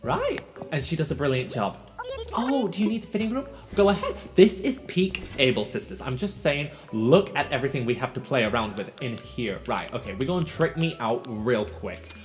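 A man hosting a video game let's play, chatting to himself in an animated, talkative way. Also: mid-range voice, moderate pace, few pauses. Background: game music.

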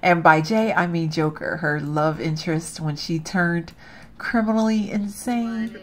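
A woman commenting casually on her gameplay, chatty and reacting loudly to what happens, often calling out to viewers. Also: fairly low pitch, measured pace, slight background noise. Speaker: gaming channel host.

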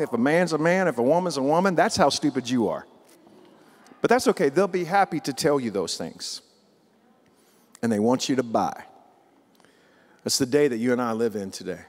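A man's voice: medium pitch, long reverb tail. A man preaching a sermon as pastor, in a folksy, emphatic way full of rhetorical questions.

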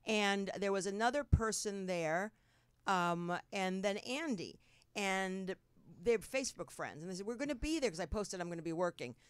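A woman's voice: medium pitch, normal speed, clean tone, dry recording. A woman with a New Jersey accent hosts a podcast in a loose, chatty way, rambling from one story to the next. Her voice sits in the middle of the range and is recorded close and dry in a studio. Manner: chatty, rambling, laughs often. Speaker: podcast host. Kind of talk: casual chat. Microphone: studio mic.

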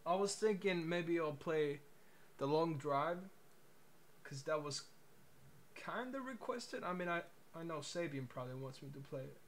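A man's voice: fairly high pitch, expressive, measured pace, slight background noise. A man streaming live, chatting casually in a laid-back, mumbling way.

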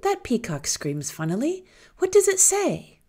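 A woman voicing a cunning young village girl in a high, hushed, breathy voice. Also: wildly swooping pitch, unhurried, full character voice. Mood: puzzled.

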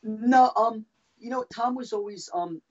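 A man telling his own story as a podcast guest, halting and restarting often as he talks. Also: extremely high pitch, highs cut off. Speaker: guest, former band drummer. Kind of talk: casual podcast interview storytelling.

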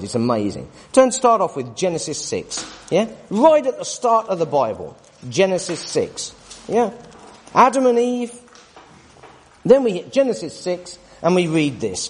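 Man in his forties, Bible study sermon, high lively voice, husky tone, long hall reverb. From United Kingdom. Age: 40s. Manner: emphatic, tag questions to listeners. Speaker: Bible teacher.

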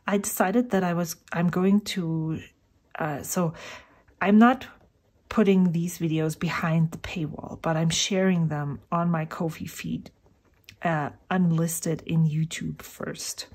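Slow and husky, with a fairly low pitch, a darkish tone and fairly even intonation, a middle-aged woman talks through her inks as she swatches at her home desk. The fountain pen vlogger rambles casually, thinking aloud and occasionally lowering to a whisper.

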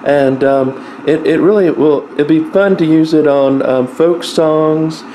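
A man with a slightly high, mellow voice speaks slowly in a show-and-tell vlog, rambling with plenty of fillers as he displays a small vintage organ playing in the background. The low-quality recording carries a little hiss or hum.

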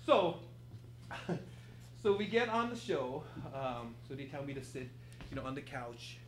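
At a live improv theater, a guest storyteller with a mid-range voice tells a funny story on stage a little slowly, laughing and animatedly acting out quotes. The recording is echoey, with noise from the theater.

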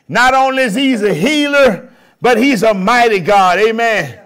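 A man preaching a sermon, his voice sitting high for a man. He works the congregation in call-and-response style and builds up to shouted lines. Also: very animated, takes it slowly. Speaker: pastor.

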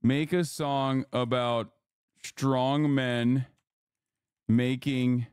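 A man's voice: mid-range voice, fairly even intonation, very slow, a little mellow, clean tone, no room sound, studio quality. A man streaming live, ranting with lots of swearing and thinking aloud while he types prompts. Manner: profane, ranting. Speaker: streamer contestant. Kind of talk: casual livestream chat.

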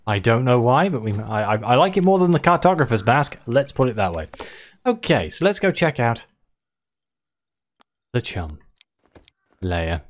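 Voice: medium pitch, big pitch swings, moderate pace, long pauses. A let's play host chatting casually while playing and reading the game's story text aloud. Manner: chatty, musing, reads narration aloud.

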